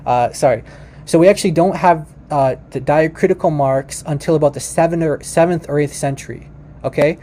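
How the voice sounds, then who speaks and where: Man, mellow slightly high voice, casual teacher, informal, talks to viewers, restarts sentences. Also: brisk, a little hiss or hum. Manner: chatty and informal, addresses "you guys", frequent restarts. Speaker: language teacher.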